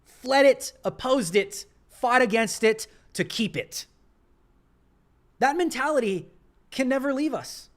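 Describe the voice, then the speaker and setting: Impassioned high-voiced male livestream host. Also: expressive, slow. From United States. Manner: impassioned, emphatic repetition. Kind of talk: political commentary livestream.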